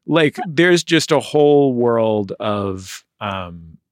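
An American man hosting an interview, asking measured questions with dry, wry humor. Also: mid-range voice, animated, dry recording. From United States. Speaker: interview host. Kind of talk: casual interview chat.

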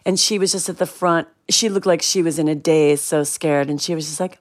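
Lively middle-aged woman telling a story. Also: on the low side, a little fast, gravelly, few pauses. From Cleveland, Ohio area. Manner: animated storyteller acting out quoted voices. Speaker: guest. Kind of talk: storytelling in an interview.

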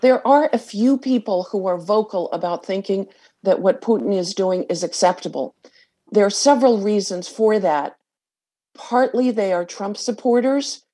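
A woman's voice: medium pitch, normal speed, dark tone. A woman lawyer interviewed on radio, speaking in an earnest, explanatory way.

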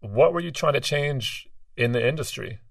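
A man hosting an interview, asking questions and laughing along in an expressive way. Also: mid-range voice, normal speed, creaky, no room sound, studio quality, far from the mic. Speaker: podcast host.

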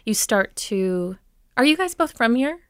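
A woman from Minnesota working as a dialect coach, explaining accents in a relaxed interview with many ums. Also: on the high side, measured pace, smooth, dry recording, studio quality. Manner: explanatory, demonstrates sounds with frequent ums. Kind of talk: conversational interview.

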